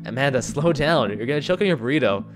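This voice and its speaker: A man plays a goofy, doting dad in a game, close to his own voice. He is lively and up and down in pitch, sometimes sentimental and sometimes deadpan mock-bureaucratic. Music plays underneath. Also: fast, close to an everyday voice. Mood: tender. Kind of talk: reading game dialogue aloud.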